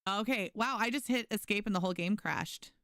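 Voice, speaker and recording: A woman gives casual live gameplay commentary, talking with her audience and naming viewers as she thanks them, often restarting and using fillers. She speaks at a medium pitch, fairly quickly, with a fairly bright tone.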